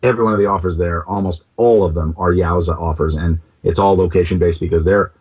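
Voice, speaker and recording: Husky man, lowish voice, lively jokey guest in a casual interview. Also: quick pace. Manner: animated, jokey storyteller. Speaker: interview guest, company co-founder.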